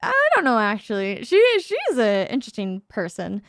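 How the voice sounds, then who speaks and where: A woman hosting a stream in casual chat, bubbly and animated, reacting to her chat in a playful way. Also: mid-range voice, moderate pace, no room sound, studio quality. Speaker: VTuber streamer, host.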